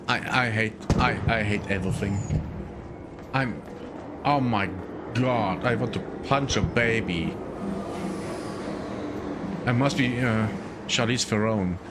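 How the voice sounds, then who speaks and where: A man's voice: lowish voice, very noisy. A man streaming a video game in casual chat, muttering to himself and swearing a lot. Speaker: gaming streamer.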